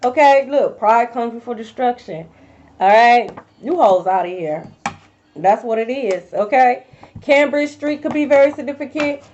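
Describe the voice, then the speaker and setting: High-voiced blunt woman tarot reader. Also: lively intonation, moderate pace, a little mellow, slight background noise. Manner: blunt, profane, slangy, talking to viewers directly. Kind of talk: casual intuitive tarot reading. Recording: dull lo-fi recording.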